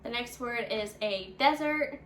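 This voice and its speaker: Woman presenting an English lesson, echoey room. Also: fairly high pitch. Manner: brisk, reads example sentences. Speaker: English teacher, co-host. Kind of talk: casual teaching. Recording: echoey room, faint background noise.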